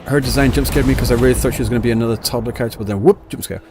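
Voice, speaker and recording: A man's voice: medium pitch, fairly even intonation, rapid-fire. A man streaming a game live, chatting to viewers in a rambling, self-correcting way. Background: game audio and music.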